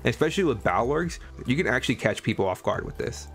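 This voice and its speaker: A man's voice: mid-range voice, lively intonation, fast, faint music behind. A man giving a casual, enthusiastic voice-over for a game build guide, chatty and chuckling often. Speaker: gaming content creator.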